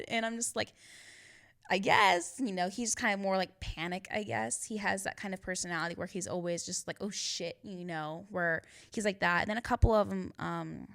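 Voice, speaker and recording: A woman speaks as a podcast guest in a loose, unguarded way. She swears freely and laughs often. Her voice sits at an ordinary middle pitch for a woman. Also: gravelly. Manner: candid, profane, laughs often. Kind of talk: casual chat.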